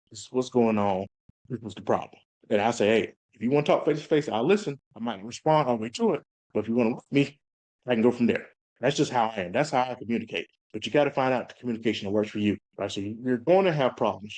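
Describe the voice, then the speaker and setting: A man in his thirties speaks quickly as an interview guest, a police officer who tells his stories candidly. He slips into the voices of the people he quotes, and his pitch sits in an ordinary middle range. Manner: animated storytelling, acts out quotes. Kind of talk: casual interview talk.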